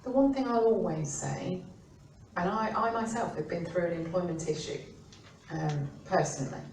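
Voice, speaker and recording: A woman's voice: lowish voice, moderate pace, a little hiss or hum. Chatty middle-aged woman in an echoey room. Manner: chatty, acts out quotes in lively voices. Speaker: employment law expert. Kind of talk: informal expert talk. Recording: roomy, distant mic with faint ambience.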